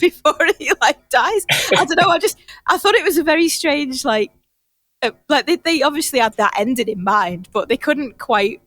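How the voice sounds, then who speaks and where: A woman's voice: high-pitched, fairly bright tone, no room sound. A woman co-hosting a podcast, chatting casually about films in a rambling way and laughing through her words. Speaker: podcast co-host.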